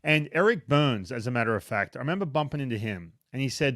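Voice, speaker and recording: In his home basement, a chatty Australian man in his thirties, once a pitcher and now a baseball analyst, jokes at his own expense through a casual interview, frequently starting over mid-sentence. His ordinary-pitched voice comes quickly with hardly any pauses. It sounds close and dry, without echo or room sound.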